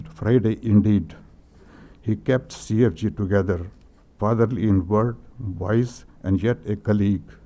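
A man's voice: lowish voice, warm tone. An older man with an Indian English accent reading condolence messages at a memorial meeting, hesitant and full of fillers, emotional. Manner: hesitant, many "uh" fillers and throat-clearing. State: emotional, voice breaking. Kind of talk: halting tribute reading.

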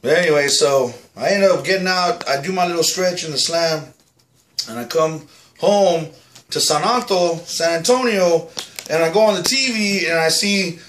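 A man's voice: fairly high pitch, moderate pace, a bit bright, slight background noise, lightly acted. A man playing a boastful, foul-mouthed ex-con who insists he is the real Julian, talking to camera in a comic monologue. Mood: blustering. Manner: profane, aggressive, keeps saying "all right?".

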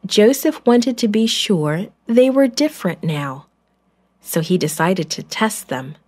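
A woman narrating a children's Bible story in a clear storytelling manner. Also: mid-range voice, sing-song, measured pace, a little mellow.

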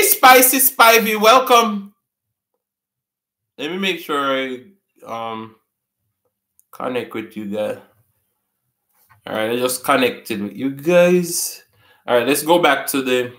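A man's voice: mid-range voice, lively intonation, takes it slowly, long pauses, bright, forceful tone, echoey room. A man with a Jamaican accent hosting a casual live stream, chatting with viewers and laughing often as he reads out their comments.

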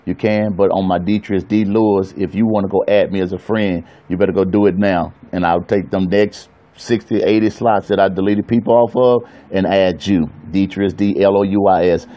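Man, middle-aged, pastor, casual livestream chat, low mellow voice, playful. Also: highs cut off. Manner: animated, playful, talks straight to viewers. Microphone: phone camera.

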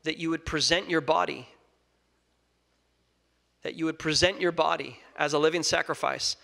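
A young man preaching a sermon, earnest, moving between loud emphasis and soft scripture reading. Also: on the high side, fairly even intonation, moderate pace, vocal fry. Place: church sanctuary. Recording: long reverb of a large hall.

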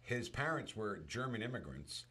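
Male podcaster, deep low register, relaxed storyteller, slight background noise. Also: normal speed. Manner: storytelling, animated retelling. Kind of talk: casual movie chat.

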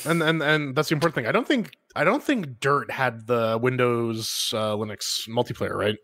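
A man co-hosting a gaming podcast, chatting excitedly and often repeating words as he gets going. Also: mid-range voice, normal speed. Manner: animated, stumbles over repeated words. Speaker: podcast co-host. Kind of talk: casual chat.

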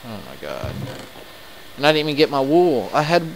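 A man commenting live on his game, excitable and quick to swear in frustrated outbursts. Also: medium pitch, creaky, a little hiss or hum, low-quality recording. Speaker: let's play gamer.

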